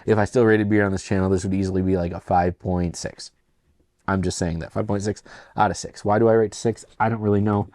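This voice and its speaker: A man with a low, mellow voice hosts his own beer review channel. He talks in a loose, chatty way and drifts into asides. The sound is close and dry. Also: brisk, no room sound. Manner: relaxed, chatty, rambling asides. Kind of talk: casual solo review.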